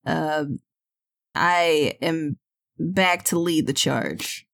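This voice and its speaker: A woman's voice: low voice, extremely slow, vocal fry, fairly bright tone. A woman playing a tabletop game, talking casually with lots of hesitations. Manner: hesitant, many fillers and restarts. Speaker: player.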